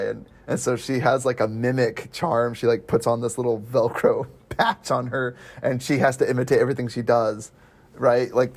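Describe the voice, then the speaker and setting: A man's voice: medium pitch, a little mellow. A man hosting a casual movie review podcast, talking animatedly and often laughing as he acts out lines from the film. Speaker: podcast host.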